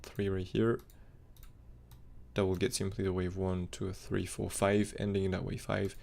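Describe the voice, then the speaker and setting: Fast-talking gravelly male crypto streamer. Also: deep voice, flat delivery, a little mellow. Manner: fast, rambling, non-native phrasing with fillers. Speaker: crypto chart analyst streamer. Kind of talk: live-stream technical analysis chat.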